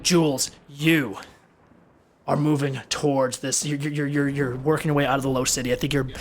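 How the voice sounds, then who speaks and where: A man's voice: mid-range voice, flat delivery, normal speed, slight background noise. A man narrating as game master of a tabletop game, rambling and repeating words as he thinks.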